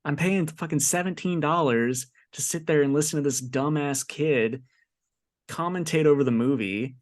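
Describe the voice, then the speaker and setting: A man's voice: on the high side, normal speed. A young man co-hosting a podcast, telling a story in casual, profane, exasperated chat. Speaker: podcast co-host.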